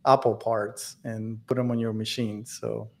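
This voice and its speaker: A man's voice: lowish voice, level tone, gravelly, a little mellow. A man co-hosting a tech podcast, talking casually with many fillers and restarts. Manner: halting, many fillers and restarts, laughs often. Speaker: podcast co-host.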